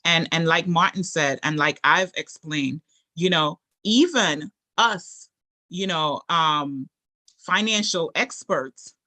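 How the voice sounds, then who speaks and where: Slow, bright-voiced financial expert. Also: medium pitch. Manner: agreeable, halting, with many fillers. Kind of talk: casual workshop conversation.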